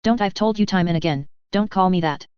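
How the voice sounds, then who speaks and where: A woman's voice: fairly low pitch, a little fast, clear, resonant tone, no room sound, highs cut off, lightly acted. A woman reading a terse, wary reverend. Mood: guarded. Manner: terse, guarded. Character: stern battle-hardened male reverend, wary.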